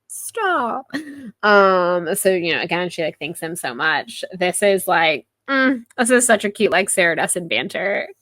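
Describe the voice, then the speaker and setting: Young woman, podcast host, casual book recap, animated retelling, bright tone, dry sound. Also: fairly low pitch, no room sound. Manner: chatty, heavy use of "like", animated retelling.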